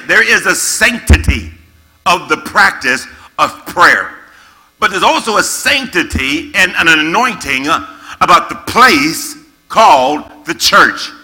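Bright-voiced preaching man. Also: on the high side. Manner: slow emphatic scripture reading, repeating key words. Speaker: pastor. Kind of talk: sermon to young people. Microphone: camera-facing, recorded for online viewers.

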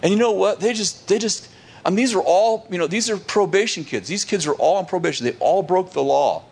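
A man who is a pastor, telling a lively story on a podcast, laughing often and restarting his sentences. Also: high voice, fairly quick, creaky.

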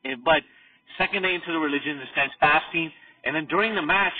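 A man co-hosting a casual podcast, telling stories in an animated way and acting out the people he quotes. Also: on the high side, fast talker, breathy edge, no room sound. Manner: animated storytelling, acts out quotes. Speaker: podcast co-host. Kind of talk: casual chat. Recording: distant tinny phone-like audio.

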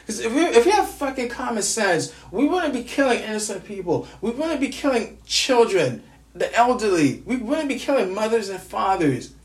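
A man's voice: sits high, sing-song, normal speed. Furious, stammering man ranting in an echoey room. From United States. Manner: angry, profane, stammering repetitions. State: grieving, furious. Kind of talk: angry personal vlog rant.

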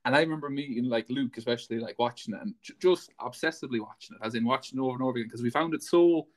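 A man's voice: medium pitch, rapid-fire. A man, hosting a podcast and asking loose, rambling questions full of fillers. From west of Ireland. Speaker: podcast host. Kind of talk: casual interview chat.

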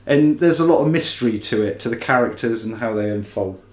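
A man's voice: medium pitch, lively intonation, brisk. A man co-hosting a podcast in casual chat, chatty and rambling, with plenty of restarts. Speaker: podcast co-host. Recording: roomy echo.

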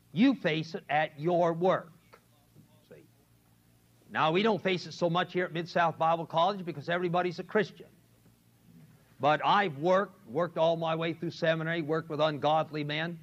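Older man preaching on lo-fi tape. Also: fairly high pitch. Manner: emphatic, repetitive, asks the audience "see?". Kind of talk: sermon to a men's class. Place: college classroom. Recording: lo-fi 1970s tape recording.

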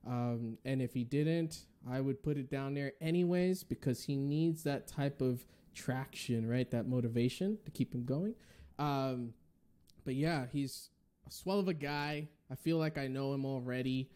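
Male podcast host from the Northeast, mellow tone, upbeat, faith-filled chat. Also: mid-range voice, unhurried, clear, resonant tone. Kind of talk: casual podcast interview.

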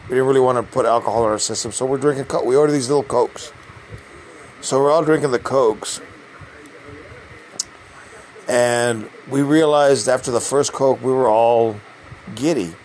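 An older man tells old navy stories in a loose, rambling way. He stops and restarts often, and his voice sits at a middling pitch. A faint hiss of noise runs underneath. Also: normal speed, long pauses, a little mellow, poor audio. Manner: rambling, with frequent restarts and fillers. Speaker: navy submarine veteran. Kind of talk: casual storytelling.

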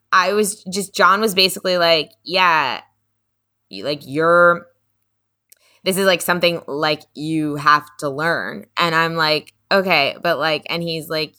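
A woman's voice: sits low, measured pace, sharp tone, dry recording, clean studio sound. A woman podcast co-host in candid casual chat, animatedly retelling a tense conversation, quoting people, swearing and laughing often.

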